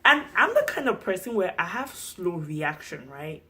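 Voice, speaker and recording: Animated young Cameroonian woman telling a story. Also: fairly low pitch, normal speed. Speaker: vlogger. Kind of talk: storytime vlog.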